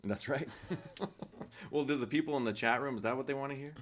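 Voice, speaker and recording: A man, a guest musician, chatting casually in a soft-spoken, rambling way. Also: mid-range voice, fairly quick, slight background noise. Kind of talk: casual chat. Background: guitar playing.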